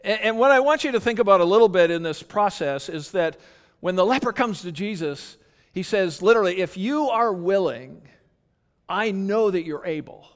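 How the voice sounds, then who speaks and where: A man's voice: high-pitched, expressive, moderate pace. A man preaching a sermon as pastor, earnest and conversational, often restarting his sentences. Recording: long hall reverb.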